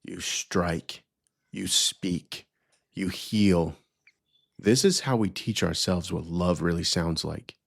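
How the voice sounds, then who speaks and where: A man hosting a podcast, leading listeners through a guided affirmation ritual with slow, emphatic repetition. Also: low voice, creaky, no echo, clean studio sound. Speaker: podcast host.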